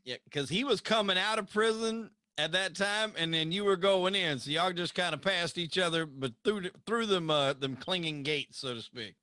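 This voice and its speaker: A man hosting a podcast interview, laughing along and chiming in with quick remarks. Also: high-pitched, pushed and bright, no echo. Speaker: podcast host. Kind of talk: casual interview chat.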